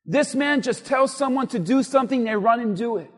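A male pastor delivers a sermon in a strikingly high voice. He hammers home repeated lines in an emphatic cadence that climbs toward near-shouts. The sound rings out with the long reverb of a big sanctuary. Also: fairly quick.

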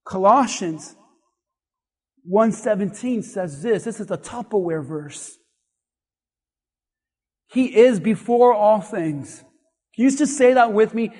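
A male pastor preaching in a church with a very high, light voice. His delivery is animated and climbs to shouted peaks, and long hall reverb trails every phrase. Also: slow pace, pauses often. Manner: animated, rising to shouts at points. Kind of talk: sermon.

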